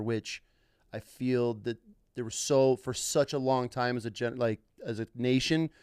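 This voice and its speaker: A man's voice: mid-range voice, fairly even intonation, moderate pace, darkish tone, clean tone, no echo, clean studio sound. A man hosting a podcast interview, asking long, thoughtful questions with frequent restarts. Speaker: podcast host. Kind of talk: casual interview chat.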